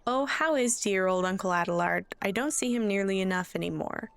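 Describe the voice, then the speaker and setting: A woman's voice: mid-range voice, a little fast, close to an everyday voice. A woman voicing a friendly middle-aged hobbit cook who speaks in a chatty, motherly way. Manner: chatty, motherly quest-giver read aloud.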